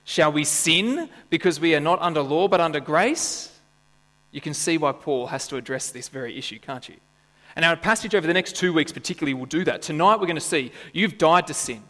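A man's voice: a little high, brisk, a bit bright. A man preaching a sermon to his church congregation, conversational and playful, often asking the congregation questions and adding jokes. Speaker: pastor. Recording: church hall with long reverb and mains hum.

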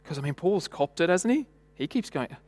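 A man preaching a sermon in a church, chatty and storytelling, tossing rhetorical questions at the congregation. His voice sits slightly high for a man. Long reverb trails each phrase. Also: brisk, a little mellow.

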